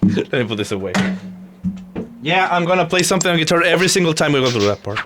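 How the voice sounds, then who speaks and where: A man's voice: fairly high pitch, lively intonation, fast, music in the background. A man streaming a video game, chatting casually and laughing often at his own mistakes. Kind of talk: casual live gameplay chat.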